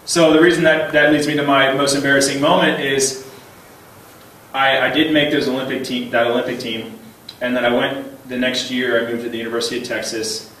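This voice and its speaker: A man in his thirties giving a humorous banquet speech, telling personal stories in an animated way, chuckling often and repeating words as he starts a thought. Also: medium pitch, a little fast, slight background noise. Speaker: banquet keynote speaker. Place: large banquet hall. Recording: very echoey hall, voice heard from a distance.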